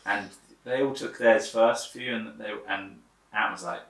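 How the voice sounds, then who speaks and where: A man chatting casually as a guest, telling stories with animated energy and a fair bit of swearing. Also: on the low side, a little slow, creaky. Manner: swears freely, animated storytelling. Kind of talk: casual chat. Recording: echoey room, mic at a distance.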